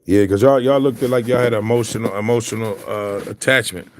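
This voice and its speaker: A man's voice: on the low side, fairly even intonation, a little fast, slight background noise. A man in casual chat, telling stories in slang and laughing often. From Philadelphia.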